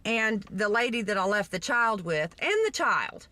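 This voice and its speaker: A woman from Texas telling a story in a vlog, in an animated, indignant way with acted-out quotes. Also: medium pitch, measured pace. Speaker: vlogger.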